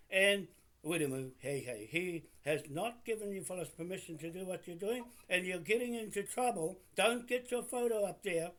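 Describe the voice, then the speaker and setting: An older man with a New Zealand accent, talking on camera and arguing insistently over the phone, pausing on fillers when calm. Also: high-pitched. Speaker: vlogger speaking on camera. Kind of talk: phone argument recorded on camera.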